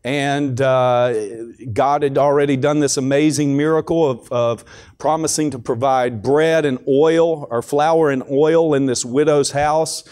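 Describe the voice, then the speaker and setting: A man's voice: medium pitch, fairly even intonation, measured pace, darkish tone, smooth. A man giving a devotional talk at a school chapel, speaking conversationally with frequent restarts and repeated words.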